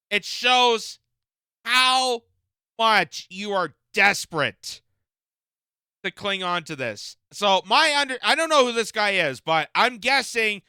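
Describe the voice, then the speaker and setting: A man's voice: high-pitched, sharp tone, clear, resonant tone, no echo, clean studio sound. A man giving indignant, emphatic reaction commentary on a political interview clip.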